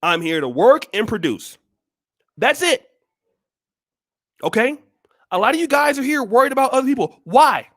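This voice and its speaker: Blunt high-voiced man scolding his viewers. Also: big pitch swings, moderate pace, long pauses. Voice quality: forceful, preachy. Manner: blunt, scolding, repeats rhetorical questions. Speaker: channel host. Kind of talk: blunt motivational monologue.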